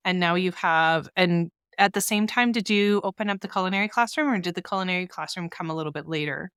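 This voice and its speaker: A woman's voice: on the low side, fast talker, fairly bright tone, smooth, no room sound, studio quality. A woman hosting a casual interview, giving encouraging replies and asking follow-up questions. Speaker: podcast host.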